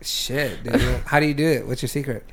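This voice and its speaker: A man's voice: medium pitch, fairly even intonation, brisk. A man hosting a casual podcast chat, prodding his guests with questions, joking and swearing freely. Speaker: podcast host.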